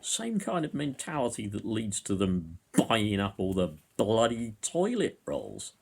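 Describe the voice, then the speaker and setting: Brief: man, low husky voice with lively ups and downs, rambling camera monologue at home. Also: measured pace. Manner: rambling, with hesitant fillers. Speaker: vlogger. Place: indoors at home. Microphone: camera in front of him.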